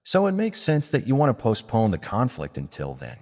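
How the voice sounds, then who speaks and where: A man plays a blunt young mage who keeps pressing his argument. The voice is husky, and a long reverb hangs on every word. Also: mid-range voice, wildly swooping pitch, brisk, darkish tone. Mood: pointed.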